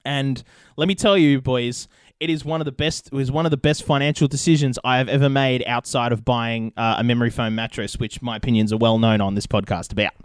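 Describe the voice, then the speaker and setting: A man's voice: mid-range voice, fairly even intonation, brisk, clear, resonant tone, no echo, clean studio sound. A young Australian man hosting a podcast, telling a rambling story with plenty of swearing in casual chat. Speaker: podcast host.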